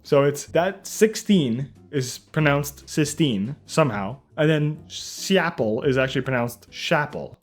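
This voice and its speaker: A man's voice: fairly high pitch, expressive, a little slow, hardly any pauses, faint music behind. A young man hosting a comedic reaction video, sarcastic and incredulous, often laughing and acting out mock dialogue. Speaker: YouTube reaction host.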